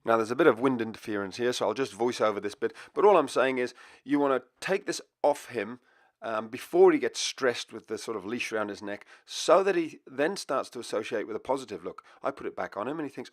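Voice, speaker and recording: A man's voice: mid-range voice, animated, brisk, no room sound, clean studio sound. A man who trains dogs, giving an upbeat, explanatory voice-over lesson. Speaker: dog trainer. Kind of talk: instructional voice-over.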